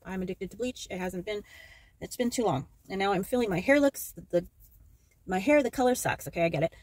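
A woman giving a casual tarot card reading to camera, excitable and joking, swearing freely as she talks to her viewers. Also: mid-range voice, fairly quick, no echo. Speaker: tarot reader.

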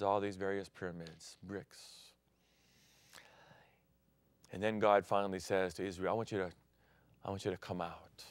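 A middle-aged man who grew up in Thailand, preaching a sermon with sudden swings from loud declaring to near-whispers. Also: lowish voice, clean tone, dry recording, studio quality. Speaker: pastor.

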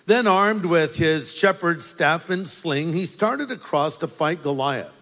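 A male pastor with a high voice delivers a storytelling sermon, tossing playful asides to his congregation. His voice rings with a long hall reverb, as if he were in a large church auditorium. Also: expressive, slow, fairly bright tone.

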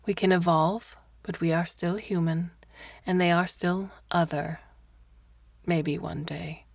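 A serene ancient conch-woman speaks in a hushed, near-whispered voice, read by a woman. Her tone is low with a gravelly edge, and the delivery is slow and measured. The sound is dry and close. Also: fairly even intonation, no echo, full character voice.

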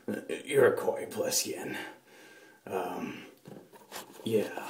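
A gruff, grizzled soldier, put on by a man, talking in a harsh breathy whisper with a menacing edge. The delivery is slow and deliberate. The sound bounces around a small echoey bathroom. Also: on the low side, darkish tone, a little hiss or hum.

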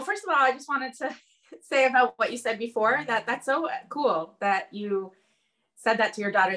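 A woman in casual conversation, earnestly telling a parenting story with lots of "like" and "um". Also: medium pitch. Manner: earnest, animated storytelling with many "like" and "um". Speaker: guest sharing parenting experience.

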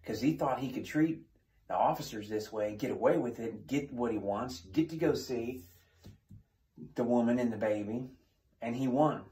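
A man's voice: mid-range voice, moderate pace, dark tone. A male defensive tactics instructor telling a story as a lesson, plain-spoken, asking questions and answering them himself. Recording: echoey room.

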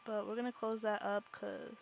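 A young woman streaming a game, chatting playfully and swinging from hushed spy whispers to loud shrieks. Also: mid-range voice, little pitch movement, moderate pace, creaky, lo-fi sound, a little hiss or hum. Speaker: gaming streamer. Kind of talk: casual live-stream commentary.

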